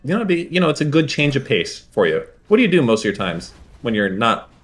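A man whose pitch swings widely as he jokes and needles people on a casual voice call. His middle-range voice turns sarcastic and playful in turn. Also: sing-song, quick pace, faint music behind. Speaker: call organizer.

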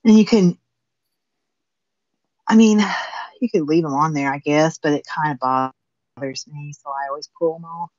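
A woman's voice: low voice, normal speed, long pauses, warm tone, no room sound, highs cut off. A woman with a southern Indiana accent, chatting folksily as she demonstrates a finishing technique step by step. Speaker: guest crafter demonstrating finishing. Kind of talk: casual demonstration chat.

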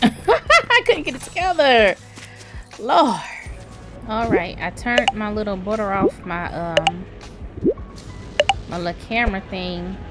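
A woman hosting her gaming channel, giving excitable live commentary as she plays, exclaiming and talking to the game in casual, Southern-flavored speech. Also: mid-range voice, slow, pauses often. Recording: game music playing loudly behind.

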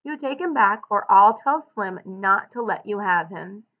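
A woman reading aloud the lines of a blunt, weary ranch-hand man who protects his friend, in a rough, plain-spoken way. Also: medium pitch, moderate pace, dull audio, close to an everyday voice. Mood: scolding.

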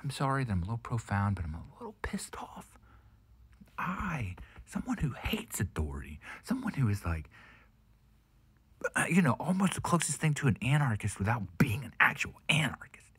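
A man ranting to camera in a heated, profane vlog, often dropping into a hushed half-whisper. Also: mid-range voice, wildly swooping pitch, normal speed, breathy edge, no echo. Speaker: vlogger. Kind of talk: casual profane rant to camera.

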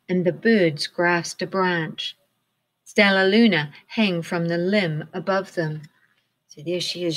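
A woman teacher reading a picture book aloud to children, encouraging them and asking them questions. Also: lowish voice. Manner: encouraging, asks the listeners questions.

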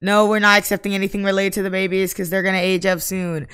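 A woman's voice: mid-range voice, flat delivery, fast talker, a bit bright, clean tone. A young woman casually commenting on her life-simulation gameplay, chatty and mock-exasperated with her characters. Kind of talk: casual let's-play commentary.

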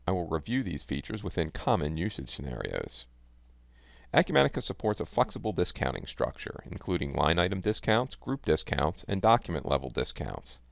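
A man giving scripted narration for a software product demo, measured and even. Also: very deep voice, gravelly, dry recording. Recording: dull, lo-fi dry voice-over.

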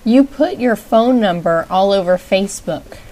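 A woman's voice: medium pitch, animated, measured pace, warm tone, poor audio. A young woman hosting a show, making prank calls and bossing her co-host around with blunt swearing. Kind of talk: casual chat and prank calls.

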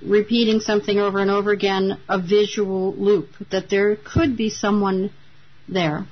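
Female radio caller, husky and earnest, muffled phone sound. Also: mid-range voice, little pitch movement, normal speed. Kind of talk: phone-in chat.

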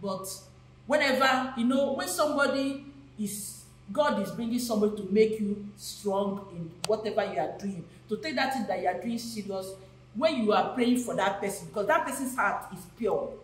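A woman in her 50s, an actress and costumier, tells guests a long story at normal speed in a mid-range voice. She's animated, acting out the voices of people she quotes. The room is echoey with faint noise.

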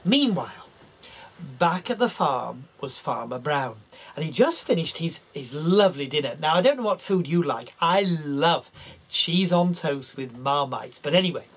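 Animated, husky man telling a children's story. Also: fairly high pitch, normal speed. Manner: animated, talks straight to the children.

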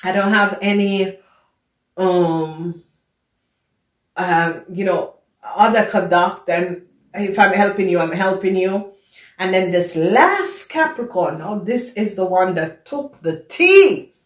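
A woman's voice: mid-range voice, takes it slowly. Emphatic woman. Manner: emphatic, repeats phrases for stress. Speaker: tarot reader. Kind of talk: casual storytelling monologue. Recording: echoey room.

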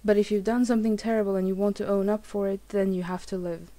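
A woman's voice: medium pitch, little pitch movement, fast talker, dark tone. A woman hosting a let's play, giving emotional game commentary with swearing and lots of restarts.

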